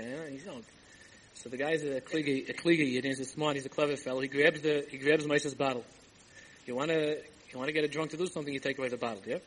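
This man's voice sits at a medium pitch and moves quickly, captured on archival tape with poor sound, slight hiss and faint ambient noise. Preaching as a rabbi, he tells a Hasidic story with lively energy, voicing the characters' lines and slipping in Yiddish and Hebrew asides.

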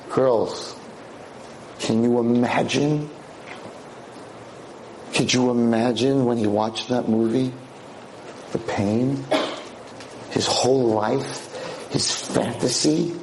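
A man's voice: medium pitch, steady tone, slow, long pauses, darkish tone, roomy sound, a little hiss or hum. A man giving a lecture to a class of girls, telling a dramatic story and acting out its characters.

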